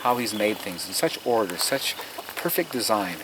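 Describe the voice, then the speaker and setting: With a fairly low pitch, lively intonation, and normal speed, a man tours his garden outdoors and tells stories casually, earnest and emphatic, slipping in preacher-like asides. The field recording includes outdoor noise.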